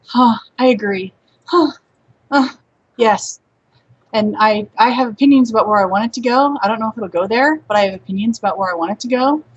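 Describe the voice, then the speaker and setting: A woman co-hosting a live stream in an easygoing, relaxed way. Her voice has a husky, breathy edge, and the lo-fi audio sounds dull and muffled. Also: a little high, fairly quick. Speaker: podcast co-host. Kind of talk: casual live-stream chat.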